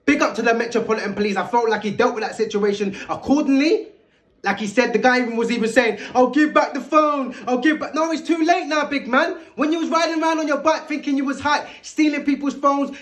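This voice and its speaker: A man's voice: very high-pitched, brisk. A man giving an emphatic, lecturing vlog commentary, full of rhetorical questions aimed at his viewers. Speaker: commentary video host.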